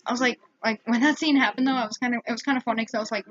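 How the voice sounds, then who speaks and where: A woman's voice: on the high side, fairly even intonation, racing, hardly any pauses, fairly bright tone, highs cut off. A woman giving a casual, rambling spoken movie review at home, full of fillers and restarts.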